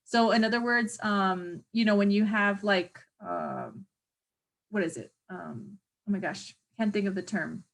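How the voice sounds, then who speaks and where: A woman teaching an exam review lecture, chatty and hesitant, often pausing to search for words with many fillers. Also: mid-range voice, creaky. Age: adult parent of a young child. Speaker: teacher educator.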